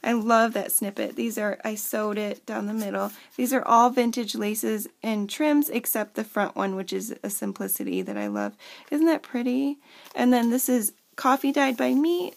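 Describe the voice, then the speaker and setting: A crafter in her thirties chats through a handmade journal at home in a casual show-and-tell, using lots of fillers and speaking to kids off camera. Her slightly high voice carries a gravelly fry, with lively intonation and moderate pace.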